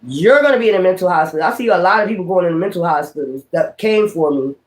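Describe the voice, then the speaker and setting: A man's voice: high voice, animated, quick pace. A man who reads tarot, ranting on a livestream in a profane, confrontational way and repeating his points. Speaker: tarot reader. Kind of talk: livestream rant.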